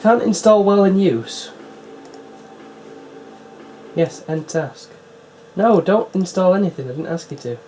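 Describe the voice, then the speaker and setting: A man's voice: sits high, lively intonation, a little slow, pauses often, mellow, a little hiss or hum. A man giving casual running commentary while setting up and playing old PC games, with wry, chatty asides. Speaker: retro PC builder and player.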